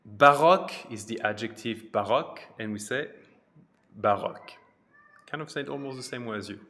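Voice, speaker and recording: A man teaching a pronunciation lesson, repeating each phrase slowly and carefully, with chatty teaching asides. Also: medium pitch, bright, forceful tone. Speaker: French teacher.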